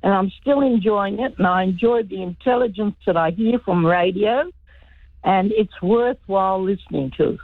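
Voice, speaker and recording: A woman's voice: medium pitch, moderate pace, no room sound. Older woman caller, seventies, earnest, heard over a phone line. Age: 70s. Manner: reminiscing, earnest. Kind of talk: call-in radio chat.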